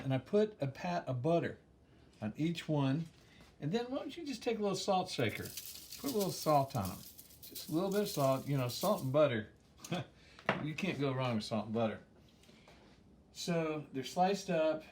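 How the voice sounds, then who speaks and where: A relaxed man demonstrating a home-cooked dinner, chatty and unhurried, dropping fillers and small laughs as he works. His voice sits a bit on the high side for a man. The kitchen sound is roomy, picked up from some distance with a faint hum behind. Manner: easygoing, rambling with frequent um fillers and chuckles. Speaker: home cook hosting a cooking show. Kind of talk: casual cooking demonstration.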